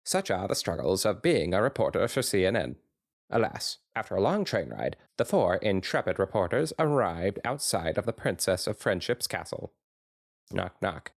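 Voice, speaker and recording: A man's voice: low voice, big pitch swings, normal speed, creaky, dry recording. A podcast co-host man reading fanfiction aloud with a dry, wry narration.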